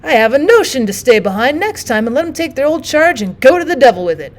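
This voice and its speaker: A woman voicing a young soldier who complains loudly about an injustice, in plain folksy speech. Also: high voice, sing-song, fast talker, pitched above the performer's own voice. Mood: aggrieved. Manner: plain rural talk, complaining. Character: aggrieved young male soldier, stout-hearted.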